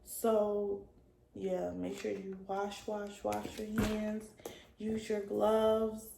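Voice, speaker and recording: A young woman around twenty tells a casual storytime to her camera, her voice carrying a gravelly fry. She talks loosely, with plenty of "like," and sometimes trails off soft. The room sounds echoey, with a faint hum of ambience behind her. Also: mid-range voice, completely flat delivery, extremely slow. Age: young adult. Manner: casual slangy talk with many likes, drifting soft at times. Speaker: vlogger.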